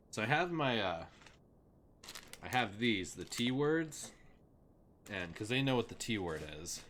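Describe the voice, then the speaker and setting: A man's voice: on the low side, slight background noise. A young man chatting casually on a live game stream at his desk at home, rambling with lots of fillers and talking sweetly to his dogs.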